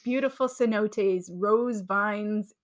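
A woman co-hosts a podcast in casual banter, teasing her partner and laughing often. Her voice sits at an ordinary middle pitch. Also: takes it slowly. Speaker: podcast co-host.

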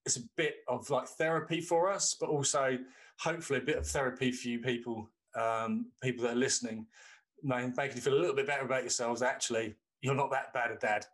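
Man, forties, middle pitch, chatty, rambling, swears freely. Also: fairly even intonation, fairly quick, fairly bright tone. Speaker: podcast co-host. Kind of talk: casual chat.

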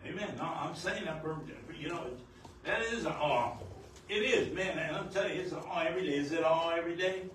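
An older man, married nearly fifty years, preaching a sermon as pastor, at times rising to shouts. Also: on the high side, a little fast. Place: church sanctuary. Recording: very echoey church hall, distant mic, noisy.

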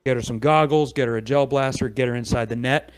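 A man's voice: medium pitch, fairly even intonation, fast. A middle-aged man, a podcast guest, telling a long story in casual chat and acting out the people in it with quoted voices.

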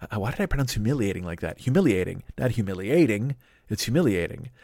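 A man's voice: lowish voice, big pitch swings, very fast, a little mellow, no room sound. A man hosting a solo comedy podcast, rambling and swearing freely while poking fun at himself. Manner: profane, rambling, self-mocking. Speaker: podcast host.

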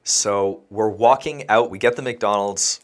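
A man's voice: on the low side, unhurried. A young man and podcast co-host telling a rambling story in casual chat, laughing and acting out what people said. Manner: rambling, laughing, acts out quoted lines.

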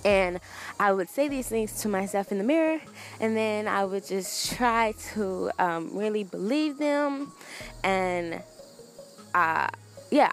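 A young woman hosting a solo podcast, talking in a casual, earnest and rambling way with many fillers and restarts. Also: mid-range voice. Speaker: podcast host.

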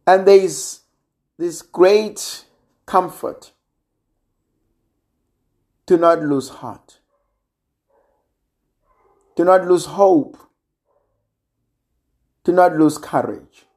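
Slow, measured preacher. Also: medium pitch. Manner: slow, measured, with gentle emphasis and long pauses. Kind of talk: sermon.

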